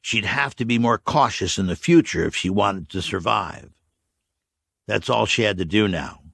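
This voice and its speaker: Deep, gravelly male audiobook narrator. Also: lively intonation, moderate pace, a bit bright, dry recording, clean studio sound.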